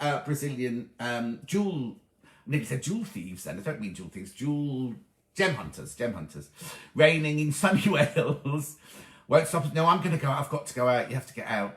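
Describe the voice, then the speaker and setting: A man's voice: fairly high pitch, fairly bright tone, reverberant. A middle-aged man hosting a live sewing chat stream from a small room at home, cheerful and easily sidetracked while greeting viewers.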